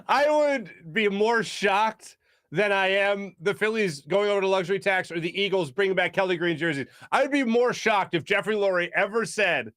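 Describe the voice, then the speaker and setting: A man's voice: high voice, normal speed, fairly bright tone, dry recording. A man hosting a sports talk show, giving casual, sarcastic, opinionated commentary and laughing at his own jokes.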